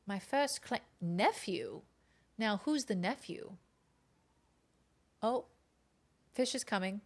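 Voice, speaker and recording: A woman's voice: mid-range voice, lively intonation, takes it slowly, pauses often. A woman streaming a game in casual, chatty commentary, now and then cooing baby talk at her kitten.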